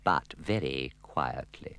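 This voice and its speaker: A man's voice: very deep voice, animated, takes it slowly. A man narrating a storybook record in an arch, playful, wry manner.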